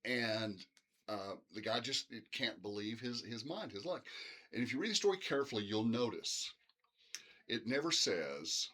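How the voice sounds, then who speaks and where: A man's voice: mid-range voice, expressive, moderate pace, sharp tone. A middle-aged man teaching literature in a casual, rambling recorded lecture, full of fillers like "uh" and "um".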